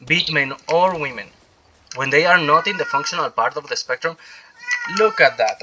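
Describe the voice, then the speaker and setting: A man's voice: on the high side, background noise. A man giving rambling, opinionated commentary while he plays a video game, often restarting his sentences. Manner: opinionated, meandering monologue with restarts. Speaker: gaming streamer.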